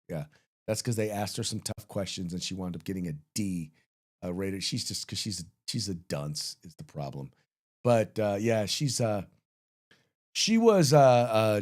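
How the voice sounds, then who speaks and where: A man hosting a political commentary podcast, speaking emphatically and with strong opinions, reading out headlines and adding quick asides. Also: medium pitch, a little mellow. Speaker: podcast host.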